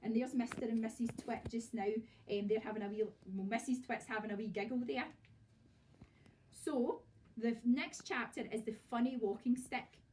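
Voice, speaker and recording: A woman teacher with a Scottish accent, reading a storybook aloud to children in a lively, expressive way. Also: fairly high pitch, moderate pace, a little hiss or hum. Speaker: primary school teacher. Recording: voice from far off.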